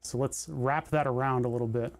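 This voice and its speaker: A man's voice: medium pitch, steady tone, fairly quick. A man hosting a livestream, chatting casually and thinking aloud with joking asides as he solders. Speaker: livestream host building electronics.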